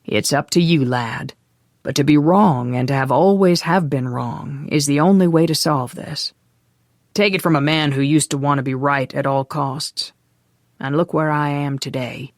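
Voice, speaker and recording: A narrator voicing a calm older man who gives advice slowly. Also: mid-range voice, no echo, clean studio sound, close to an everyday voice. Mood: advising. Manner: slow, advising.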